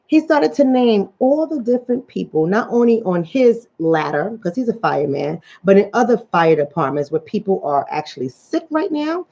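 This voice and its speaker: A relationship coach from the New York and New Jersey area, with that region's accent, hosts a casual livestream and reads out viewer comments. She tells them like animated stories, acting out the quoted voices, at a moderate pace with hardly any pauses. Her voice is mid-range and the lo-fi audio sounds dull.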